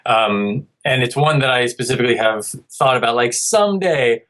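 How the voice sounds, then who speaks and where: A man's voice: medium pitch, lively intonation, normal speed, fairly bright tone, low-quality recording. A man in his thirties, a podcast guest, talking in a rambling, self-interrupting way and now and then mimicking a child's speech. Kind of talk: casual podcast chat.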